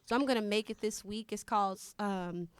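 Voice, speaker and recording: A woman co-hosting a casual podcast, chatty and quick to laugh, talking straight to her listeners. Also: mid-range voice, very noisy. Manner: chatty, laughs easily, addresses listeners as y'all. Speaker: podcast co-host. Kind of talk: casual chat. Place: Houston.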